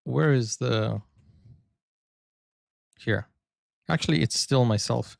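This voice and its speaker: A man from Brazil hosting a sports reaction video, chatting excitedly and often stumbling and restarting his sentences. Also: medium pitch, slow pace, creaky, pauses often, no room sound, studio quality. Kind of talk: casual reaction commentary.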